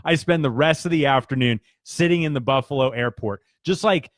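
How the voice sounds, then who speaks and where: A man's voice: mid-range voice, fairly quick, dry recording, studio quality. A man telling a personal work story in a casual, earnest, conversational way, with restarts and fillers. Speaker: business speaker.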